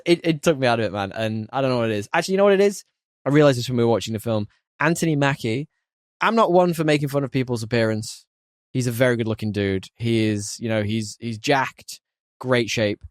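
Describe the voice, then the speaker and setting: A man talks through a film review in loose, casual podcast chat, getting animated as his opinions build. His voice sits in a middle register and is recorded close and dry. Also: mid-range voice, no echo. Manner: animated, opinionated, laughs often. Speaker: podcast host.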